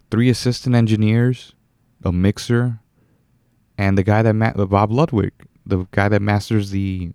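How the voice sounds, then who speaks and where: A man's voice: fairly low pitch, warm tone, dry recording, clean studio sound. A young man hosting a solo podcast, rambling casually, correcting himself and chuckling now and then. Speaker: podcast host.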